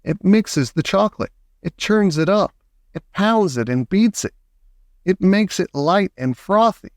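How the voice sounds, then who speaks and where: A man voicing an eccentric, excitable male chocolate maker who talks in a gushing, showy way. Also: unhurried, dry recording, studio quality. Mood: delighted. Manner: gushing, showy, high and bouncy.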